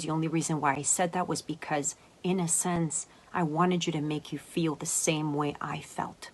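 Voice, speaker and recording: A woman's voice: low voice, steady tone, moderate pace. A young adult woman, an emotional coach, telling a personal story in a confiding, emotional way that often drops to a whisper.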